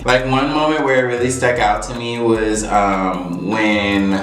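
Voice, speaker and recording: A young man talking frankly and conversationally while he does his makeup, giving his opinions in a relaxed, casual monologue. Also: fairly low pitch, moderate pace, few pauses. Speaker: beauty vlogger. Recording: roomy echo.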